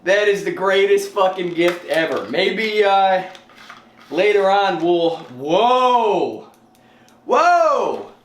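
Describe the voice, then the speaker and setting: The same man, still breathless, chats to camera about his day at home in a relaxed, self-deprecating way with the odd curse. He has a high voice and speaks slowly; the room echoes and carries faint noise.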